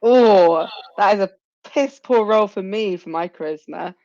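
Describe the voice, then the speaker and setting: A woman playing a tabletop game, making quick joking asides. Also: medium pitch, a little mellow, lo-fi sound. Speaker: player. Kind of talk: casual chat at a game table.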